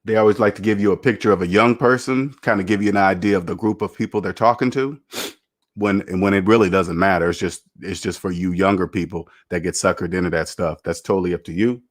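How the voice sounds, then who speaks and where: Male livestream host, lowish voice, preachy and emphatic, hammers his points home. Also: steady tone, fast talker. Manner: emphatic, repetitive, lecturing. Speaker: personal finance YouTuber. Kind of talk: casual livestream commentary.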